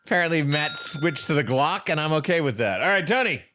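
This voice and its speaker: A man co-hosting a comedy podcast, joking in mock indignation and quick to laugh. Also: fairly high pitch, lively intonation, a crowd in the background. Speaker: podcast co-host. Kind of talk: comedic banter.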